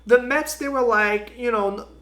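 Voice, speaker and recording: A man's voice: very high-pitched, measured pace, sharp tone. A man hosting a sports podcast, ranting in a sarcastic, exasperated and emphatic way about his team. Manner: opinionated, emphatic. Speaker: podcast host.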